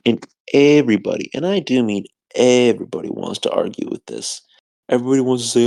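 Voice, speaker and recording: A young man rambles alone on a podcast, sleepy and repetitive. His voice has a gravelly fry, sitting at an ordinary mid pitch for a man. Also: lively intonation, moderate pace, darkish tone. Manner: sleepy, repetitive self-talk. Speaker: podcast co-host. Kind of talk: rambling solo monologue.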